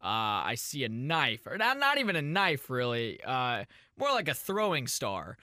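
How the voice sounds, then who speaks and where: Male podcast host, bright edge, dry close mic, rambling deadpan storyteller. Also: medium pitch, measured pace, dry recording. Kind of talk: casual advice podcast banter.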